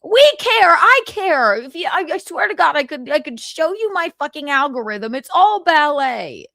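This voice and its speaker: A woman's voice: high-pitched, lively intonation, normal speed, vocal fry, a bit bright, no room sound, clean studio sound. A woman hosting a livestream, giving casual gossip commentary in a sarcastic, profane rant. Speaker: livestream host.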